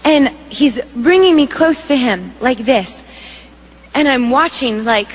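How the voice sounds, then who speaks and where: A woman giving an emotional spoken testimony, telling her story in a vivid, animated way. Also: high-pitched, normal speed. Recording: echoey hall reverb.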